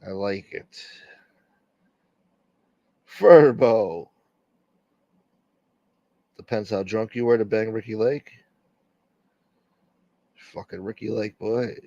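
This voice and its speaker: A man's voice: fairly low pitch, level tone, measured pace, vocal fry, pauses often, warm tone, no echo, lo-fi sound. A man hosting a casual livestream, reading out chat and rambling crudely with lots of swearing.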